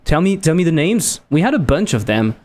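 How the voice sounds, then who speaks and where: A man from France with a French accent, talking with his chat in a rambling, animated way. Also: fairly high pitch, brisk. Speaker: game developer streamer. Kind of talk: casual live-stream chat.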